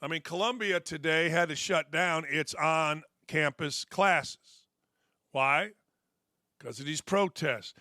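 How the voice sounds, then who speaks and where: Middle-aged male sports talk host, high and bright, blunt and sarcastic, dry close sound. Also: no echo. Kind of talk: opinionated monologue.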